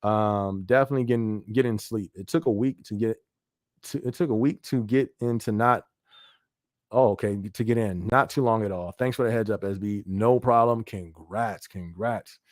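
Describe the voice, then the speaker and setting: A man's voice: fairly low pitch, normal speed, dry recording, studio quality. A man hosting a casual live podcast, reading viewer comments and answering in a loose, chatty way with frequent laughs and fillers. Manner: laid-back, laughs often, frequent fillers like "you feel me". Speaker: livestream podcast host.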